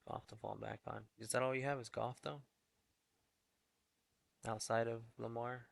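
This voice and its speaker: A young man streaming a fantasy football update in casual chat, talking low and half-whispered in a hallway indoors. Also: steady tone, moderate pace, creaky, dry recording. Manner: low, half-whispered talk, chatting with viewers.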